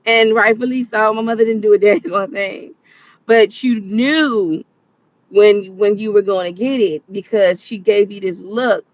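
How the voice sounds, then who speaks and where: A vlogger in her late thirties tells stories in a casual chat, her medium-pitched voice unhurried and the highs cut off in the recording. She laughs often and acts out quotes.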